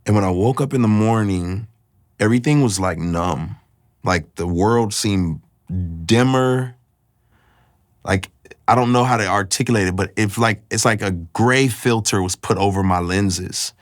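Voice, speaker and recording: Earnest man with a low voice. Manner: earnest and confessional, pauses often to find words. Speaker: speaker sharing a personal testimony. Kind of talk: personal faith testimony, candid storytelling.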